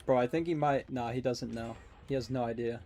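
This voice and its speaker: A man's voice: medium pitch, steady tone, music in the background. A man giving casual, joking commentary while playing a match with a friend. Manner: joking, teasing, quick asides. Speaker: caster and player.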